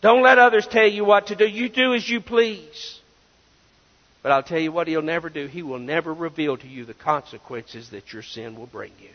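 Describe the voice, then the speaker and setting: A man preaching a sermon as pastor, emphatic and full of rhetorical questions. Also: sits high. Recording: dull lo-fi audio with long reverb.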